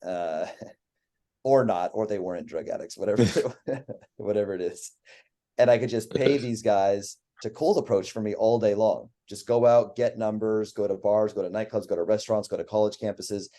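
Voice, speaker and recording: A man's voice: on the low side, normal speed, dark tone. A man guesting on a podcast as a dating coach, talking casually in long, rambling, profane runs of lists. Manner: rambling, profane, list-heavy talk.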